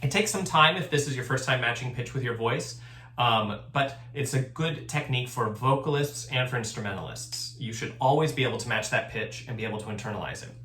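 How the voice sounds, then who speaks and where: A man's voice: medium pitch, fairly quick, bright, forceful tone, echoey room. A man teaching a recorded choir lesson, explaining things patiently and step by step. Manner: patient, step-by-step instruction with sung examples.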